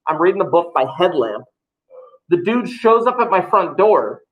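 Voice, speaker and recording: A man's voice: high voice, sing-song, moderate pace, lo-fi sound. Joking, chatty man teaching. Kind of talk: classroom talk to students. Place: classroom.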